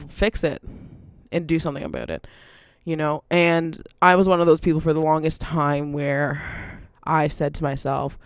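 A woman's voice: deep voice, steady tone, normal speed, smooth, dry recording. Casual woman, chatty and unfiltered, laughs mid-sentence, dry close mic. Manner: rambling, laughs often, swears freely. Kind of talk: casual monologue.

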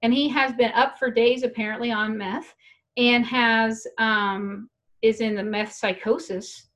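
A woman's voice: a little high, fairly even intonation, a little slow, a bit bright. A young adult woman telling a long, frank, rambling story in casual chat, laughing now and then. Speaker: guest storyteller.

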